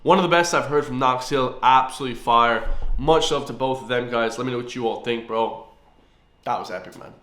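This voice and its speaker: An Irish man hosts a casual music reaction, keen and chatty, forever turning to the viewers. His voice sits at an ordinary pitch. The room around him is echoey. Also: fairly quick, heavy background noise. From Ireland. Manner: excitable, keeps addressing viewers as guys. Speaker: music reaction video host.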